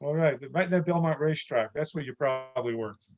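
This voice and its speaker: Male stand-up comic from New York, high voice, deadpan delivery. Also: fairly quick, muffled recording. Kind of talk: stand-up comedy set.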